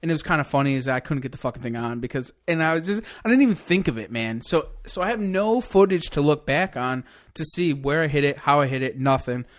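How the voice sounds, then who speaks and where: A man telling a long hunting story in casual podcast chat, excited and cursing freely. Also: a little high, fast, hardly any pauses. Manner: excited, swears a lot, rambling hunting story. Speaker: podcast guest.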